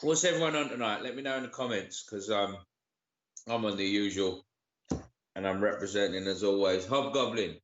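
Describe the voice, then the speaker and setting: Sweary bloke on a lo-fi livestream. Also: male voice, fairly low pitch, moderate pace. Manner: sweary, greets viewers by name, uses slang like geezer and bruv. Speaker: livestream co-host. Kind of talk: casual live-stream chat. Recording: dull lo-fi live-stream audio.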